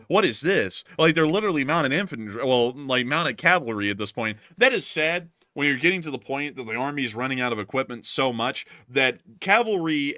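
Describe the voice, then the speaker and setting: A man hosts a casual war-news commentary show over war clips, joking, laughing, exclaiming "holy moly" and mocking voices as he reacts. His mid-range voice is bright and forceful, in a dry, clean studio recording.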